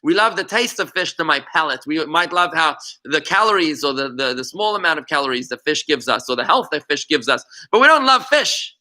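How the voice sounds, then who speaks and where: A man leads a religious class over a video call, his voice bright and edged with sharpness. He is an animated storyteller who restarts phrases and repeats words. His pitch sits a little higher than most men's. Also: fairly quick, few pauses. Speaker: rabbi teaching a class. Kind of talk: interactive online lesson.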